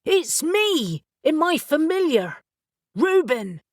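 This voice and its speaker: A woman's voice: a little high, expressive, measured pace, no room sound, clean studio sound. A woman doing a brash young male witch. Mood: shouting.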